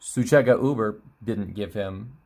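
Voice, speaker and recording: A man co-hosting a stream, commenting casually and reading forum posts aloud with quick asides. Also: on the low side, creaky. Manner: animated, quick, reads quotes in asides. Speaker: streamer co-host.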